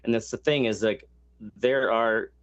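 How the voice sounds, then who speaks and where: A man's voice: medium pitch, fairly even intonation, unhurried, a bit bright, lo-fi sound. A man hosting a casual podcast chat, explaining a topic at length with many fillers and crude asides. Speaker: podcast host.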